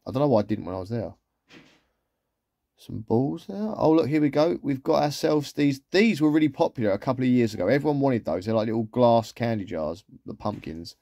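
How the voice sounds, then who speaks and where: Male vlogger, easygoing and rambling, mellow voice, dry close sound. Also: medium pitch, expressive, fairly quick, vocal fry, no room sound. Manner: chatty, rambling, with trailing asides. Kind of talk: casual shopping haul commentary.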